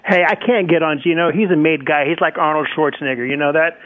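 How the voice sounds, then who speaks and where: Male radio caller, high voice, tinny phone line, bitter trash talk. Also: fast talker.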